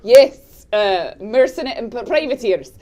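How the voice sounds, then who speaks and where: A woman's voice: fairly high pitch, expressive, moderate pace, crowd noise, lightly acted. A woman game master voicing a male airship quartermaster in a put-on Scottish accent, rambling with many fillers. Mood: grumbling. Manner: rambling, hesitant, full of fillers.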